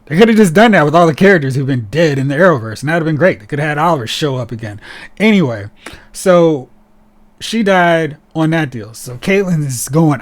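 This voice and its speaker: Podcast host, male, fairly high voice, lively and sarcastic in relaxed chat. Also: brisk. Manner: animated and sarcastic, mocking characters in put-on voices.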